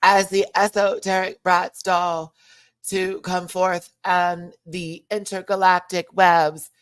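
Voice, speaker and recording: A woman's voice: on the low side, flat delivery, takes it slowly, clean tone, no room sound, voice pushed up. A woman imitating a grandiose, theatrical drag queen giving a lofty speech. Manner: lofty, sweeping declamation.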